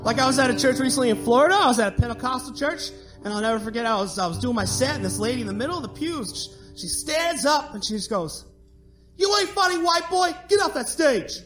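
A man's voice: very high-pitched, lively intonation, fast talker, hardly any pauses, over music. A man performing a stand-up comedy set, telling joking stories and breaking into sung bits.

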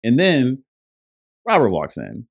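A man's voice: mid-range voice, takes it slowly, vocal fry. A man co-hosting a casual podcast, telling a story with acted-out dialogue and frequent laughs. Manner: animated storyteller, acts out dialogue, laughs often. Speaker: podcast co-host.

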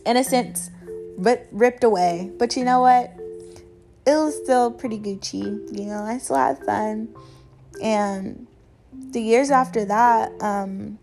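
A young woman in her twenties speaks with a mid-range, darkish voice in a steady tone at a measured pace. Indoors at her family home, she hosts a casual solo podcast chat over faint music, rambling and chatty, self-deprecating and full of "like" fillers.

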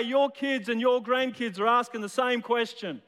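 A man's voice: extremely high pitch, fairly even intonation, moderate pace, a bit bright, big-room sound. A man preaching a sermon as a storyteller, often repeating his words as he builds a point. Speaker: pastor.

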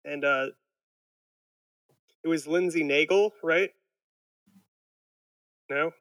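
A man hosting a relaxed podcast, retelling stories with animated energy and plenty of fillers. His voice sits a little high and bright. The sound is close and dry. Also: very slow, no room sound, low-quality recording. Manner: animated storyteller, lots of fillers. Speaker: podcast host. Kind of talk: casual chat.

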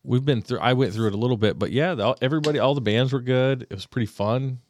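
A man's voice: mid-range voice, fast, darkish tone, a little hiss or hum. A man hosting a podcast in casual chat, laid-back, laughing often and swearing casually. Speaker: podcast host. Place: small home studio.

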